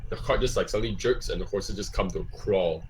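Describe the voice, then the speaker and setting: Rambling low-voiced male game master. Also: fast talker, slight background noise. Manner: rambling, full of fillers and restarts. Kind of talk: narrating a tabletop game.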